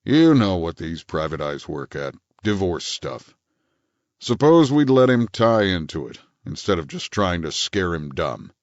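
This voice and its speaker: A man's voice: low-pitched, big pitch swings, unhurried, no echo, muffled recording. A man voicing a lazy police detective who speaks in a heavy, bored voice.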